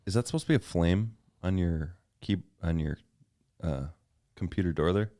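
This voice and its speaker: Very deep-voiced young man, joking around. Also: moderate pace, dark tone, dry recording, clean studio sound. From Wisconsin. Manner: loose, joking, says "dude" a lot. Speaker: podcast co-host. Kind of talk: casual chat.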